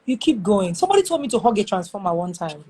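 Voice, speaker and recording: A woman with a Nigerian accent, chatting as an interview guest and telling lively stories with quick asides. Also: medium pitch, a little hiss or hum. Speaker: guest, show host. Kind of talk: casual interview chat.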